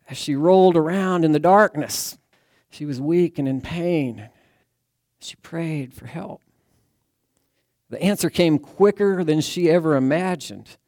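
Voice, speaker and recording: A man preaching a sermon, telling a rescue story in an earnest storytelling way that sinks to a hush at the tense moments. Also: fairly high pitch, dry recording, studio quality. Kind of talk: sermon illustration told as a dramatic story.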